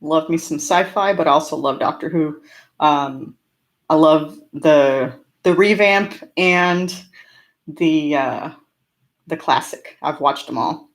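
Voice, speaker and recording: A woman's voice: low-pitched, slow pace. A woman from California with a slight rural twang, hosting a casual live-stream Q&A and answering chat in a chatty, upbeat way with frequent laughs. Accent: slight rural American twang. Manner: chatty and upbeat, laughs often between remarks. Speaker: homesteading channel host.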